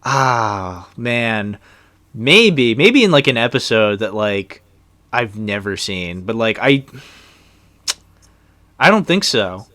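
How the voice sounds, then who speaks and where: A man's voice: fairly low pitch, big pitch swings, takes it slowly, pauses often, sharp tone, no echo. Rambling young man on a movie commentary. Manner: rambling, loose, with many fillers and trailing sentences. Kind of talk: casual movie commentary chat.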